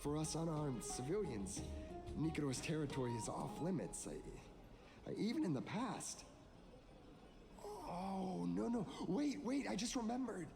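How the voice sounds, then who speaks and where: A woman's voice: on the low side, lively intonation, measured pace, gravelly, over music, voice pushed down. A woman voicing a nervous, timid male civilian who stammers and apologizes, reading game lines in character.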